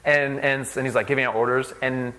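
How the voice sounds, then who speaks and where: A young man giving a casual, conversational sermon. He uses lots of "like" and tells stories in an animated way. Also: medium pitch, a little fast. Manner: conversational, fillers like "like", animated storytelling. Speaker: speaker at a church service.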